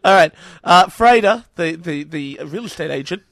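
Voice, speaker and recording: A woman's voice: lowish voice, animated, normal speed, fairly bright tone, no echo, clean studio sound. A woman chatting casually, bossily keeping a script reading moving. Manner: bossy, keeps the reading moving. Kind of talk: casual chat among friends.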